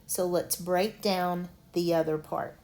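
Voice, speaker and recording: A woman teaching an online lesson, slowly sounding out medical words syllable by syllable. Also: on the low side, steady tone, a little mellow. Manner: slow, deliberate, sounds out syllables.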